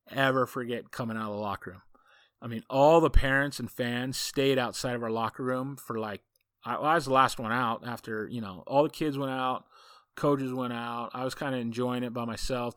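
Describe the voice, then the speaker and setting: A man's voice: medium pitch, fairly even intonation, moderate pace, a bit bright, no echo, studio quality. A man, a football coach hosting a podcast, telling a story in a casual, folksy, rambling way full of asides.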